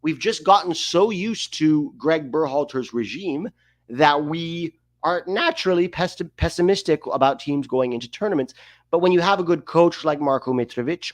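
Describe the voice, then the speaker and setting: A man's voice: mid-range voice, dry recording, clean studio sound. A man hosting a livestream, giving emphatic, opinionated sports commentary and often tossing in rhetorical questions. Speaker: host of a soccer livestream.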